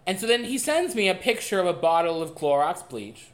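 A young man co-hosting a podcast, telling a dating story in a casual, animated and profane way. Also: sits high, a little fast. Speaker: podcast co-host. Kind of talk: casual chat.

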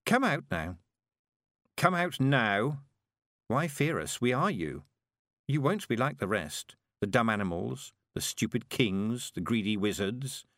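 A man's voice: mid-range voice, very animated, unhurried, a bit bright, no echo, studio quality. A man voicing a sinister shape-shifting creature that speaks as a girl, coaxing and menacing.

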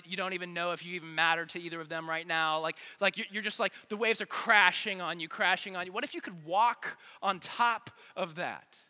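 A man preaching an earnest, energetic youth sermon, repeating phrases for emphasis, in a large church hall. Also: high-pitched. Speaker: youth pastor. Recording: long hall reverb.

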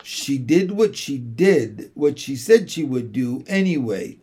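A man's voice: mid-range voice, very animated, takes it slowly, dark tone, breathy edge, full character voice. A man voicing an earnest young girl, the elder sister, in a storybook reading. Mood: wistful. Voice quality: earnest, urgent. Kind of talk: audiobook character voice.

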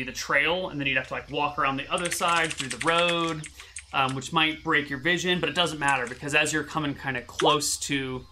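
A man runs a tabletop game as game master, narrating in a relaxed way with lots of fillers and restarts. His voice is fairly high and very bright. A faint hiss sits under the recording.

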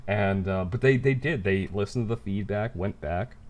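A man's voice: fairly low pitch, normal speed. A young man co-hosting a casual chat, talking in stumbling restarts and swearing freely.

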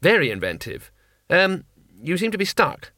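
Two Flower, a man doing a high, eager tourist. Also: wildly swooping pitch, normal speed, dry recording, studio quality, heavily acted. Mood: friendly. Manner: bright, eager and friendly. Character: cheerful, eager male foreign tourist.

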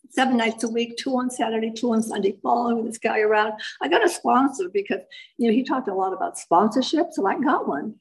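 A woman from Massachusetts with a highish voice shares her recovery story as a personal testimony before a live audience. She's wry and self-mocking, though the audio is poor.

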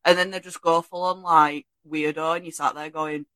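A woman co-hosts a casual chat, blunt and sweary and full of banter. Her voice is bright and sharp, and it is recorded close and dry with no room sound. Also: sits low, flat delivery, moderate pace, dry recording. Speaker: podcast co-host.

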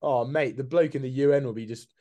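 A man co-hosting a casual podcast with a dark, mellow voice. He runs a light trivia quiz, teases his friend and laughs easily. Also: medium pitch, fairly quick, lo-fi sound. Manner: jokey, laughs often, says "mate" a lot, quizzes his co-host. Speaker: podcast co-host. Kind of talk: casual chat.

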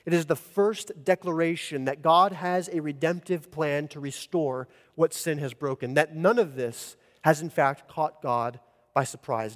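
A man preaching an earnest expository sermon as pastor, rising in emphasis at key points. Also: fairly high pitch. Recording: long church reverb.

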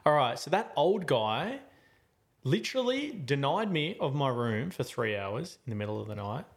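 A man's voice: mid-range voice, normal speed, gravelly. A man in his twenties hosting a podcast, telling a story in a rambling, slangy way with lots of fillers and restarts. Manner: animated, voice jumping up and down with the story. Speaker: podcast host. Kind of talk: casual storytelling chat.

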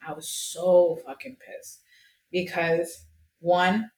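Young woman, podcast guest, candid storytelling, animated, echoey room, faint background hum. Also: on the low side, normal speed. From Colombia. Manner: animated, acts out quoted voices, swears freely.

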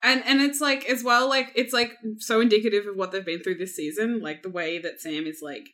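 Woman, podcast co-host, mid pitch, thoughtful, casual. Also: steady tone, brisk, few pauses, pushed and bright. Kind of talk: casual chat.

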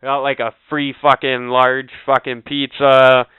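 Profane storyteller with a phone-thin sound. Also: male voice, mid-range voice, unhurried, clean tone, no room sound. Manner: animated, swears constantly, acts out quoted people. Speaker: podcast co-host. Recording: tinny phone-like audio.

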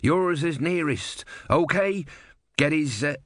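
A man voicing a gruff older male sailor, blunt and matter-of-fact. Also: fairly high pitch, expressive, takes it slowly, fairly bright tone, dry recording, studio quality, pitched above the performer's own voice. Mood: grim.

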